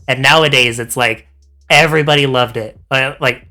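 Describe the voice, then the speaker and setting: Bright-voiced stammering streamer host. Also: medium pitch, steady tone, normal speed. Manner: stammering, frequent restarts. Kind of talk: casual chat.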